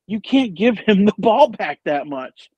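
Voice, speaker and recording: A man co-hosting a casual sports podcast, rambling and animated, with lots of fillers and the odd curse. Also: high-pitched, measured pace, slightly rough, no room sound, muffled recording. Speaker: podcast co-host.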